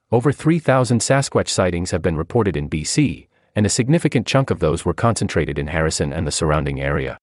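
Deep-voiced man narrating with lively pitch. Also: dry recording, clean studio sound. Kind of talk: scripted narration of a feature article.

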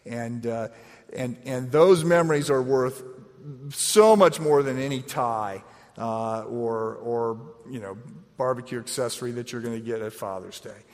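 A man's voice: mid-range voice, measured pace, darkish tone. A middle-aged man preaching a sermon in a conversational, self-deprecating way, often repeating words as he starts a thought. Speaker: pastor. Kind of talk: sermon with personal story. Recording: echoey hall.

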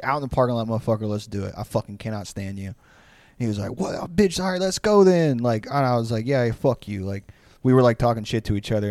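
A man's voice: mid-range voice, no room sound. A young man, telling rambling, profane stories as a podcast co-host in casual chat. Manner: laid-back, profane, rambling storyteller.

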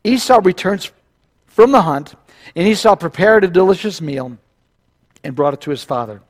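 A male pastor preaching in animated storytelling mode, his voice sitting slightly high. He retells scripture with quick asides and wry comments to the congregation. His delivery moves between narration and direct address. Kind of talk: sermon.

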